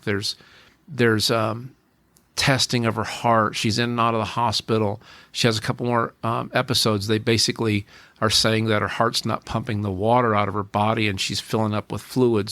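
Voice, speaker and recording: A man's voice: on the low side, fairly bright tone, no echo. A man in his forties, a podcast guest, telling a personal story in an earnest way, often repeating and restarting his phrases.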